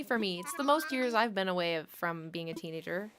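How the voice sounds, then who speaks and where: A woman's voice: medium pitch, animated, fairly quick, hardly any pauses, a bit bright, slight background noise. A woman in her late twenties hosting a livestream, chatting casually and rambling while she plays, often filling her sentences with "like". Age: late 20s. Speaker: livestream host. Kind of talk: casual chat while gaming.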